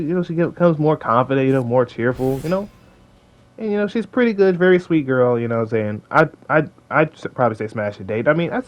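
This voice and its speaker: A young man hosting a casual commentary video, rambling with slang and lots of fillers. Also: mid-range voice. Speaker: video host.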